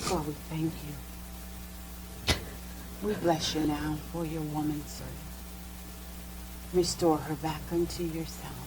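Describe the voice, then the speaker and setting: A woman's voice: fairly even intonation, slow pace, pauses often, noisy background. Sobbing woman pleading in prayer. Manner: pleading, broken, high-pitched sobbing. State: crying. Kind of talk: tearful repentance prayer.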